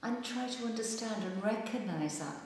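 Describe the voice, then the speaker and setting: A woman, a tapping therapy practitioner, leading a client through calm, repetitive coaching phrases. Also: fairly high pitch, moderate pace, a little hiss or hum. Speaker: EFT practitioner. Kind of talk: guided tapping instruction. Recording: echoey room with long reverb.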